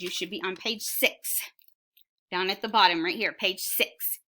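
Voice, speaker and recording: A woman's voice: medium pitch, a little slow, sharp tone, slight background noise. A woman teacher reading a sight word book aloud to young children, word by word, with encouraging prompts.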